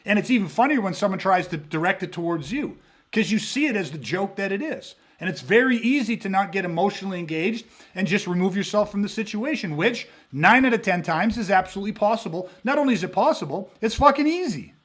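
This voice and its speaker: Speaking fast in a strikingly high voice, a man who teaches self-defense runs through a casual podcast monologue. His storytelling is profane and lively, and he performs the quoted voices of the people involved.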